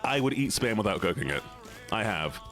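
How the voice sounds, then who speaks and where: A young man from the United States, a streamer reading chat aloud casually, animated and laughing often. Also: on the low side, fairly quick, faint music behind.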